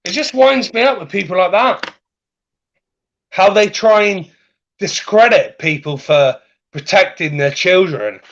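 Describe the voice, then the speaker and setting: A man on a livestream, in an angry, heated rant full of swearing and shouting at times. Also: sits high, expressive, measured pace, pauses often. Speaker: livestream guest. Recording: dull lo-fi sound.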